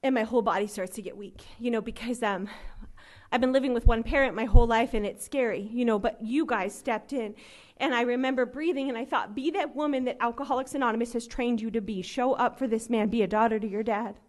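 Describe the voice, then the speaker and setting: A woman with a high, light voice, in her thirties, tells her own recovery story to a meeting room. She talks earnestly and loosely, with lots of "like" and "um", and briefly acts out what others said to her. Her delivery stays conversational and personal. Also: steady tone, fairly quick. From Los Angeles.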